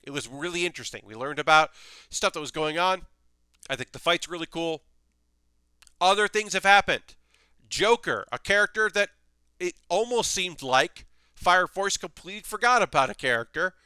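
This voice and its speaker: A man's voice: sits high, animated, moderate pace, bright, forceful tone, clean tone, no room sound. A young man hosting his own anime show, giving rambling casual commentary with lots of fillers and restarts. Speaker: anime video host.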